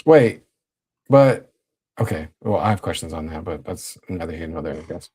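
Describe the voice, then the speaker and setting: A young man hosting a casual livestream, talking in a laid-back, slang-heavy way while reading and shouting out his chat. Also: low voice, lively intonation, normal speed, husky. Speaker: livestream host.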